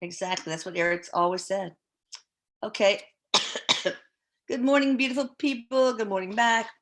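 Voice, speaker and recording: A woman hosting a live podcast who reads viewer questions aloud in a relaxed, chatty way and stumbles over names. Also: mid-range voice, unhurried. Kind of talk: casual live-stream chat.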